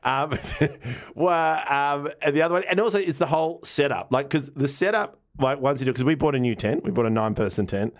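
A man's voice: medium pitch, brisk, hardly any pauses. Rambling man telling stories. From Australia. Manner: rambling storyteller, restarts sentences, laughs often; swears casually. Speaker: podcast co-host. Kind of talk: casual chat.

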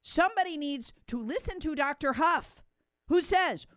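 A woman's voice: sits high, moderate pace, no echo, studio quality. A middle-aged woman co-hosting a political talk show, emphatic and indignant, with sarcastic mock quotes. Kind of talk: political commentary chat.

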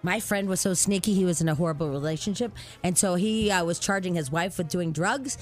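A woman co-hosting a talk show, chatting casually and telling celebrity gossip in an animated storytelling way. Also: lowish voice, fairly quick, soft background music.

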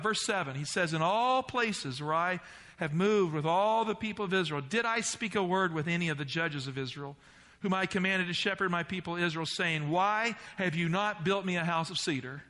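Bright high-voiced preaching pastor, man. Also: moderate pace. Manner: earnest preaching with scripture readings. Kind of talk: sermon. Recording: hall reverb.

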